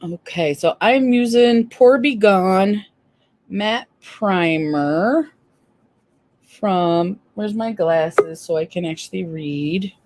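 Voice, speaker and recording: A woman's voice: mid-range voice, slow pace, darkish tone, no room sound. A fifty-year-old woman chatting casually and rambling as she does her makeup on camera. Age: 50s. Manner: rambling, chatty, laughs often. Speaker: makeup vlogger. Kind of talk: casual chat while doing makeup.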